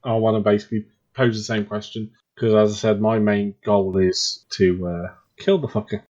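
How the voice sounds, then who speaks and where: A man's voice: fairly low pitch, level tone, moderate pace, a little mellow, muffled recording. A man playing in a tabletop game, blunt and joking. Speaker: player. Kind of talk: casual chat at a game table.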